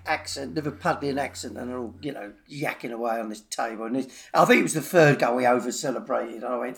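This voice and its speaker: A man who works as a carpenter, telling lively stories in a casual football chat and swearing freely. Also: mid-range voice, quick pace, vocal fry, few pauses. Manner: animated storyteller, swears. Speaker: podcast guest, carpenter.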